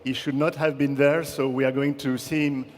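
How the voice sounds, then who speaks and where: On stage in a large conference hall, a man hosts an awards ceremony, courteously calling people forward and introducing speakers. His mid-range voice has little pitch movement and a normal speed. Hall reverb, audience sounds and ambient noise fill the recording.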